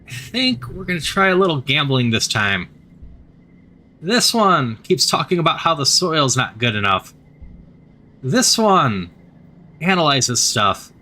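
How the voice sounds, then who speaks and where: Bright-voiced man narrating a game. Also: a little high, a little hiss or hum. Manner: casual, chatty asides between read passages. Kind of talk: reading game text aloud with commentary.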